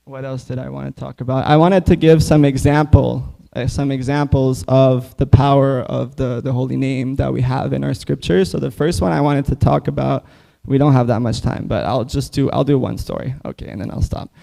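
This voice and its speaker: A man gives a casual scripture class in a temple hall, filling his speech with "like". His voice is gravelly and dark, and his tone is mellow. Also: medium pitch, fairly even intonation, moderate pace. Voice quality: casual, full of "like" fillers.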